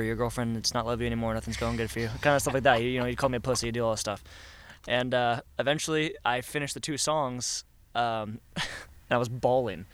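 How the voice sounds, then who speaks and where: A young man who sings in a band tells a story in a casual interview, energetically acting out other people's lines. His mid-range voice has a fairly bright, clean tone.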